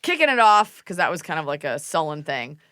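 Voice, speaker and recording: A woman podcast host in casual chat, telling animated stories, acting out quotes and swearing freely. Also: low voice, fairly quick, dry recording.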